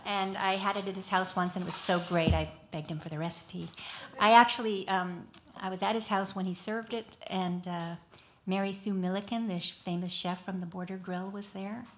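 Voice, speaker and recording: A woman's voice: mid-range voice, steady tone, normal speed. A woman hosts a live tribute evening and tells a loose, rambling story to the room. She talks casually, with frequent ums and restarts. Faint noise sits in the background. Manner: rambling, many fillers and restarts. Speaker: event organizer and host. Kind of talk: casual anecdote at a live event. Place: small performance venue.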